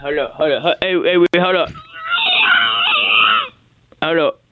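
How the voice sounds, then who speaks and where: A man's voice: a little high, unhurried, shouting, heavy background noise, voice pushed down, lightly acted. A man voicing a panicky, stammering young male caller who rambles about a family emergency at home. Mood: panicked. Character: frantic young man whose great-grandmother's dentures are stuck. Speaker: comedy character caller. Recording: dry, tinny phone-line sound.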